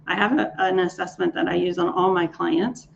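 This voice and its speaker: This is interview storytelling from a woman leadership coach recounting client and marathon stories, eager and frequently restarting what she says. She speaks at normal speed in a low, gravelly voice with a steady tone, captured on a dull lo-fi recording with faint noise.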